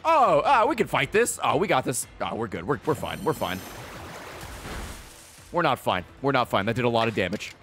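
A man giving casual, profane commentary while streaming a video game, with excitable running reactions. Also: medium pitch, normal speed, soft background music.

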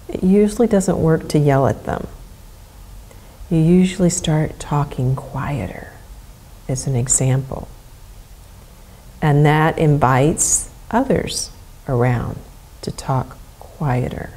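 A middle-aged woman leads a movement lesson in a low, mellow voice. She speaks slowly and softly, easing listeners through each step. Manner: soft, slow, soothing instruction. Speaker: movement educator.

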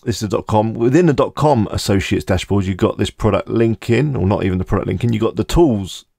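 Low gravelly man walking through a tutorial. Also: a little fast, dark tone, no room sound, clean studio sound. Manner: casual, thinking aloud while clicking through. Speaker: tutorial host. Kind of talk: screen-recorded software tutorial.

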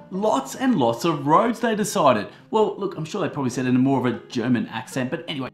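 A man gives a comedic board game review, cracking slangy jokes as he explains the rules. His pitch swings widely from line to line. Faint music plays behind him. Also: quick pace, few pauses. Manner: jokey, animated, slangy asides.

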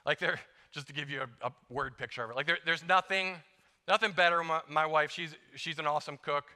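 A bright, ringing male voice, pitched a little high, preaching a casual, joking sermon in a church with a long reverb. He is middle-aged and talks like he is chatting with the congregation, acting out short prayers as he goes. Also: brisk. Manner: conversational, self-deprecating, acts out little prayers. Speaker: guest preacher. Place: church sanctuary.

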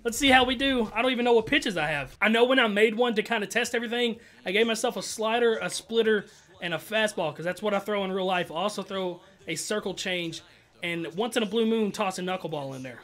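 A young man, commenting excitedly on his own video game at-bats, trash-talking and calling everyone "dog" and "bro". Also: high-pitched, a little fast. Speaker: gaming channel host.

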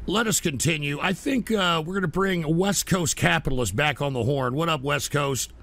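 A man's voice: on the high side, moderate pace, gravelly. A man hosting a call-in show, swearing and sounding exasperated as he takes callers. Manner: exasperated, swears, shouts when upset. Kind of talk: crude call-in show banter.

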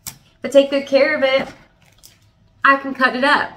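A young woman chatting excitedly as she unboxes plants, hesitant, with restarts and little laughs. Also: high voice, normal speed, rough recording. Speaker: plant channel host. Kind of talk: casual unboxing chat.

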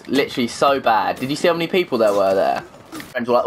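A man giving rambling, crude, excitable commentary while playing an online shooter, often shouting at the game. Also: mid-range voice, fairly quick, slight background noise. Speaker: gaming YouTuber. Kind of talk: live gameplay commentary.

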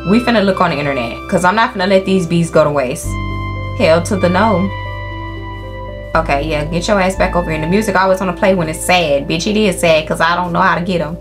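Young woman gaming host, animated and cussing, faint music behind. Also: on the low side, fast talker. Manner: animated, profane, talks to the game animals and viewers. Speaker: gaming YouTuber. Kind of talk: casual let's-play commentary. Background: faint game music.

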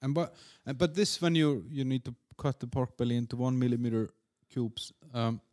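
A man hosts a relaxed podcast interview in a plain mid-pitched voice. He asks his questions haltingly, circling through fillers and restarts, and murmurs agreement while his guest talks. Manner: hesitant questions, frequent backchannel murmurs. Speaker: podcast host. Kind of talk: casual interview.

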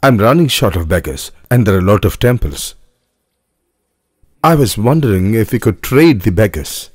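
An actor dubbing a scheming, smooth-talking male trader in beggars who speaks persuasively and deferentially, in an English film dub. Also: on the low side, lively intonation, moderate pace, dry recording, clean studio sound.

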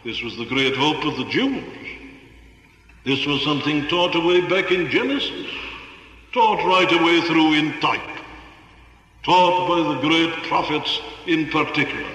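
A man's voice: fairly high pitch, unhurried, a bit bright. A man preaching a sermon in an earnest, rhetorical way, piling up emphatic repetitions. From Wales. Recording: echoey hall with long reverb.

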